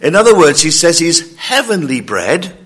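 A man preaching a sermon, praying and then teaching scripture in a slow, emphatic way. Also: a little high, big pitch swings, fairly bright tone, breathy edge.

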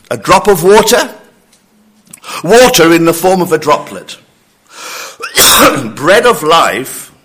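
Slow, bright-voiced male preacher. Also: a little high, slightly rough. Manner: slow, emphatic preaching, quoting scripture with rising intensity. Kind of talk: sermon.

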